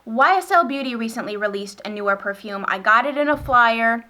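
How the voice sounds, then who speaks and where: Bright-voiced chatty woman beauty vlogger. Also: on the high side, animated, brisk. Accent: northern US. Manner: gushing, chatty, rambling with many fillers. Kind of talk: casual chat.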